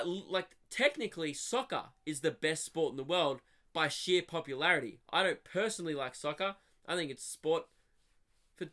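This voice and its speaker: A young man from Australia, hosting a podcast with a rambling, swearing comic monologue that swings from loud rants to mutters. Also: fairly high pitch. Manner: swearing, animated rants with sudden drops to mutters. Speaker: comedian podcast host.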